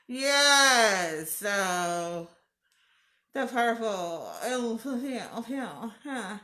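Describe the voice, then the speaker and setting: Woman, live stream host, playful, slow and lively, echoey room. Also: fairly high pitch. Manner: playful, greets viewers by name, laughs often. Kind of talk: casual live stream chat with viewers. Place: room at home.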